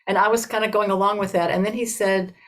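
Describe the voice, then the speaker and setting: An older woman giving a Buddhist dharma talk, telling a story in an unhurried, conversational way with many "you know"s and restarts. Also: mid-range voice, steady tone, low-quality recording.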